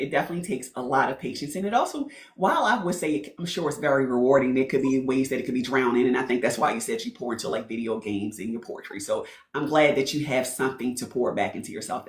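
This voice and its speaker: A woman's voice: rumbling low, fast talker. A woman from Baltimore hosting a podcast, asking audience questions and affirming her guest's answers. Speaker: podcast host. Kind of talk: casual interview chat. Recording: roomy echo.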